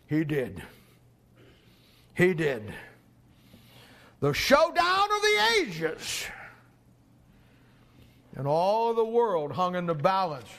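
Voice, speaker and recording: Older preacher shouting sermon. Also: male voice. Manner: rises to shouting climaxes, drops low for storytelling.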